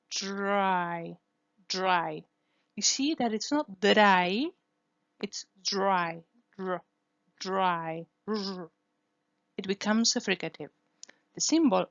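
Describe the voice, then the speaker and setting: A woman's voice: medium pitch, a bit bright, dry recording, dull audio. A woman whose first language is Spanish, teaching English phonetics in a careful lesson, repeating each sound to demonstrate it. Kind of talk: scripted lesson.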